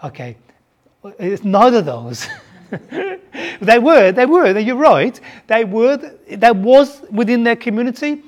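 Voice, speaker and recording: A preacher from Birmingham, England, with a softened Birmingham accent, delivering a sermon and putting questions to the congregation, often repeating words while thinking. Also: mid-range voice, very animated, slow. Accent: softened Birmingham English.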